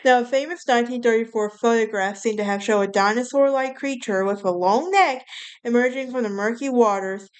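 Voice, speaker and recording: A woman's voice: fairly high pitch, fairly quick, clean tone. A woman hosting a casual solo podcast, telling a story in a rambling way, often correcting herself and laughing at her own telling. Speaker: podcast host.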